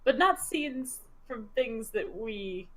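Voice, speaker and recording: A woman player in a tabletop game, speaking in a chatty, lively manner with frequent laughter. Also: fairly high pitch, takes it slowly. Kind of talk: tabletop role-play, in character.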